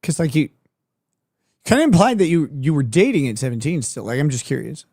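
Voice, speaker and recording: A man's voice: on the high side, very animated, brisk, darkish tone, no echo, studio quality. A man hosting a casual late-night talk show, joking and sarcastic. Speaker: host.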